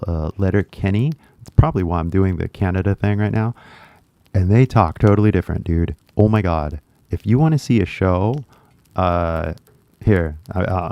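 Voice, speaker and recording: Gravelly, low-voiced American man rambling. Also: warm tone, no echo, highs cut off. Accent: American English. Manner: rambling, loose, many restarts and fillers. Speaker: YouTuber teaching English. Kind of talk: casual livestream chat. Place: small sound booth.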